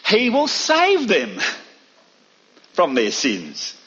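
A man's voice: huge pitch swings, extremely slow, sharp tone, slightly rough, highs cut off. A man preaching a sermon, emphatic and full of rhetorical questions. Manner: emphatic, rhetorical questions, dramatic pitch swings.

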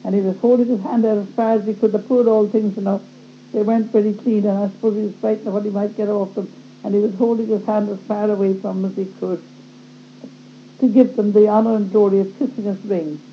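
A woman's voice: mid-range voice, little pitch movement, fast talker. A woman giving a personal religious testimony, telling her story earnestly and acting out her own past thoughts in quoted lines. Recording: dull, muffled recording with faint hum.

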